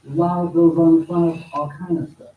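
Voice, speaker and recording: A man teaching an informal religious study class at a mosque, talking slowly and conversationally and repeating words for emphasis. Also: a little high, little pitch movement, mellow. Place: mosque hall. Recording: echoey hall, distant mic, faint noise.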